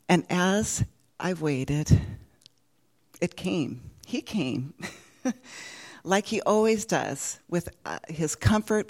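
A middle-aged woman giving an earnest, emotional church testimony, laughing softly now and then. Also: on the low side. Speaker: speaker sharing a testimony.

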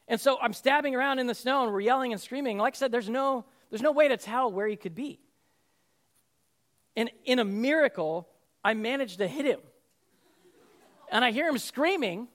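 Young male preacher, high-pitched, storytelling sermon, vivid and loose with fillers. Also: a little fast. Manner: vivid storytelling, acts out shouted quotes, frequent fillers and restarts.

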